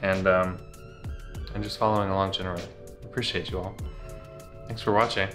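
A man co-hosting a vlog, chatting in a relaxed, self-mocking way from a car. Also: low-pitched, fairly quick, faint music behind. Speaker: vlog co-host. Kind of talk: casual chat.

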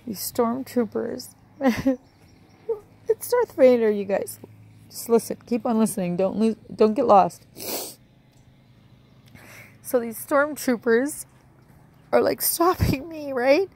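A woman's voice: a little high, takes it slowly, vocal fry, pauses often, darkish tone. A woman telling a rambling, emotional personal story in a casual home vlog, often adding "right?" and "like". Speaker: vlogger.

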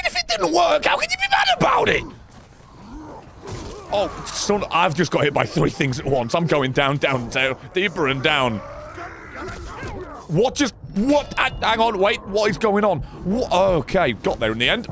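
A man giving excitable, sarcastic commentary over his own gameplay, often swearing. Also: sits high, creaky, background noise. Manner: excitable, sarcastic, swearing, frequent yelps and laughs. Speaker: gaming channel host.

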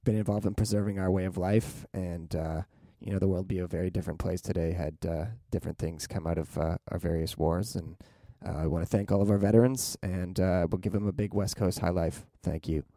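A man's voice: deep voice, steady tone, brisk, few pauses, mellow, dry recording. Laid-back young male podcast host. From Canada. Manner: laid-back, rambling, swears freely. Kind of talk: casual chat.

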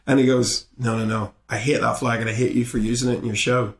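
A man tells a story in an interview, jumping into the voices of everyone involved. His pitch sits in an ordinary middle range. He talks casually and swears freely, and the room gives his voice a noticeable echo. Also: fast talker. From Belfast, Northern Ireland. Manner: animated retelling, acting out both sides of the exchange. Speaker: guest comedian. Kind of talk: conversational storytelling in a podcast interview.

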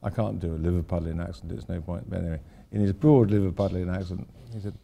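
Older guy rambling through a talk to students, dry jokes, gravelly and very dark tone. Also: sits low, steady tone, fast, slight background noise. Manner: rambling, wry, self-deprecating asides. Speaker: architect giving a lecture. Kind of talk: informal lecture to students. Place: lecture hall at a university.

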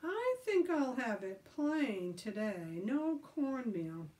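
A woman voicing Billy, a stubborn and suspicious boy, with raised, emphatic, drawn-out protests. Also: on the high side, very animated, darkish tone, pitched above the performer's own voice. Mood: sly. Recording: voice from a distant mic.

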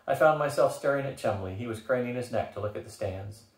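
A man narrating an audiobook in the first person, with an expressive, wry delivery. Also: mid-range voice, fast talker, distant mic. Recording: roomy echo.

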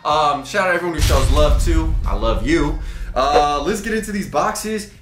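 A man's voice: a little high, animated, normal speed, roomy sound, over music. A young man from Texas, rambling and joking in slang as he unboxes items for his vlog. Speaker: vlogger.

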